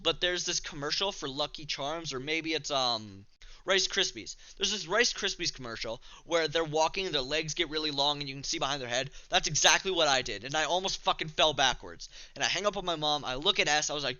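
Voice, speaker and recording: A man's voice: on the high side, animated, a little fast, pushed and bright, dry recording, lo-fi sound. A young man from Canada casually telling a rambling, profane, self-mocking story to the camera. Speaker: vlogger.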